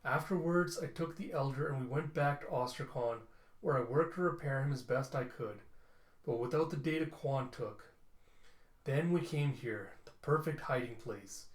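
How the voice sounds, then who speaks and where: A man voicing a weary robot scientist who speaks calmly and solemnly, in a roomy space. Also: medium pitch, close to an everyday voice. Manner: calm, measured, solemn. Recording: roomy echo.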